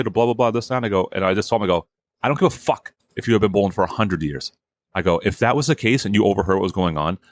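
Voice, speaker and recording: In casual storytelling on his podcast, a man gets heated and swears, performing the lines other people said. He has a low-leaning voice, recorded dry.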